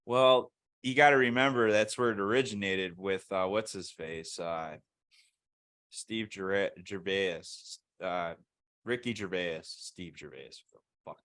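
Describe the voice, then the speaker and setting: A man's voice: sits low, measured pace, fairly bright tone. A man co-hosting a casual podcast, rambling and swearing as he retells TV scenes. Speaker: podcast co-host. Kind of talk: casual chat.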